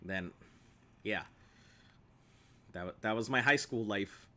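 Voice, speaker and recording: Playful man streaming gameplay, bright lowish voice. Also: slow. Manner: joking, playful, laughs often. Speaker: game streamer. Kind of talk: gameplay commentary chatting with viewers.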